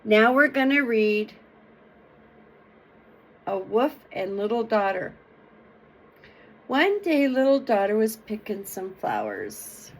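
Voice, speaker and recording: A woman reading folk tales aloud as a storyteller, slow and expressive. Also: mid-range voice, a little hiss or hum, poor audio. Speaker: storyteller and channel host.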